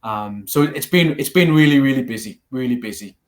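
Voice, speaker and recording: Animated Geordie man telling stories. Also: medium pitch, brisk. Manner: storytelling, animated, laughs easily. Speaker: guest, martial arts teacher. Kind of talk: casual interview.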